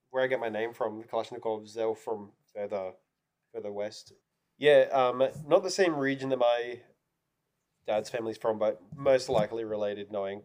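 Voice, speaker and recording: A young man, a designer guest on a podcast, explaining things in a laid-back way with many pauses and "um"s. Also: lowish voice, darkish tone. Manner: laid-back, trails off and hesitates while explaining. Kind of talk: casual chat.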